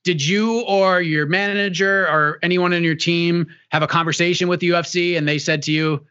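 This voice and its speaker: Bright-voiced man host asking questions. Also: sits high, fairly even intonation, moderate pace, hardly any pauses, smooth, lo-fi sound. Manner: chatty, long rambling questions. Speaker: interviewer. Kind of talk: interview questions.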